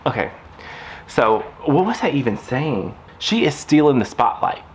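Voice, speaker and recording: A man's voice: medium pitch, sing-song, measured pace, slight background noise. Chatty man vlogging at home. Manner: chatty, rambling, talks to his puppy between thoughts. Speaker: craft vlogger. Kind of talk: casual chat to camera. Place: indoors at home.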